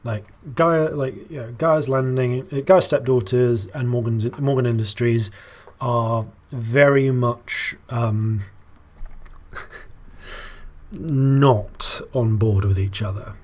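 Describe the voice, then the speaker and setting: Husky man musing over a strategy game. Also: mid-range voice, fairly even intonation, takes it slowly. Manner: wry, musing, thinks aloud with fillers. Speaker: let's play host. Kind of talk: casual gameplay commentary.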